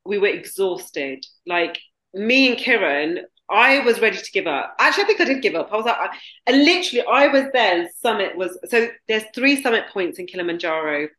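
A woman guest from the UK telling a story haltingly, with many restarts. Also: medium pitch, big pitch swings, fairly bright tone. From United Kingdom. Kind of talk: candid storytelling. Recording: roomy echo.

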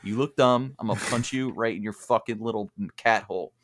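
A man's voice: lowish voice, a little fast, fairly bright tone, natural voice. A man voicing a rude, scrappy male talking cat who hurls crude insults. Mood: insulting.

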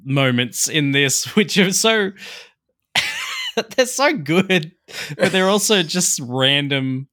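A man's voice: sits high, wildly swooping pitch, slow, pushed and bright. A man co-hosting a casual movie podcast, rambling with many fillers and laughing easily. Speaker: podcast co-host. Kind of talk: casual movie-review chat.

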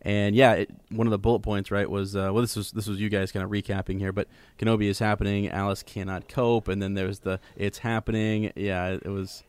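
A man hosting a casual podcast interview, halting and repeating words with many fillers. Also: fairly low pitch, flat delivery, darkish tone, clear, resonant tone.

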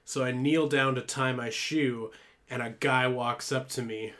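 A man's voice: medium pitch, fairly even intonation, unhurried, a bit bright. A young man co-hosting a podcast, telling a story in a rambling, casual way with swearing and laughter. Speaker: podcast co-host.

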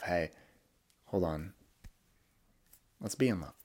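A deep-voiced young man, speaking at a moderate pace, hosts a podcast on his own. He opens up honestly about how he feels, reflecting as he goes and restarting his phrases a lot.

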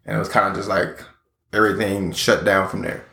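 A young man co-hosting a casual podcast, giving dry, curt, deadpan comebacks. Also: deep voice, a little fast, vocal fry, echoey room. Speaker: podcast co-host. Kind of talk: casual chat. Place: home studio in his house, echoey.

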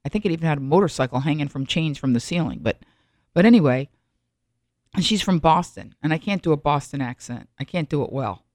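A woman's voice: deep voice, animated, a little fast, a little mellow, no echo, clean studio sound. A middle-aged woman giving a reflective solo monologue, rambling with frequent restarts and asides.

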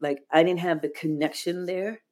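A woman as an interview guest, telling a deeply personal story in an earnest, heartfelt way, with frequent "like" fillers. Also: fairly even intonation, moderate pace, darkish tone. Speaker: podcast guest.

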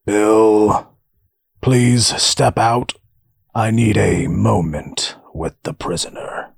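A man voicing a gruff, stern magistrate in an audiobook fantasy story. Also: fairly low pitch, extremely slow, no room sound, studio quality, full character voice.

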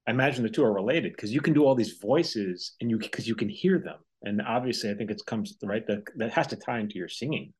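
A man's voice: fairly low pitch, quick pace, few pauses, husky. A man hosting a podcast interview, asking rambling questions that often restart midway. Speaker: podcast host. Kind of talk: casual interview chat.

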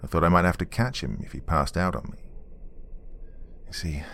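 A man, a former police officer, recounting a true story in a dry, wry, matter-of-fact way with dark humor. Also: deep voice, lively intonation, normal speed, gravelly. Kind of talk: storytelling narration.

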